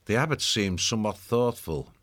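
A man reading a children's fantasy novel aloud as the narrator, in an even storytelling delivery. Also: lowish voice, moderate pace. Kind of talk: scripted audiobook narration.

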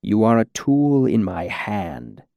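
A menacing shadowy lord speaks softly and very slowly, each word placed with patience, as a man reads him. His voice is low and gravelly. The recording is close and dry. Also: no echo, dull audio. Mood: cold, patient. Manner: slow, soft, carefully measured menace.

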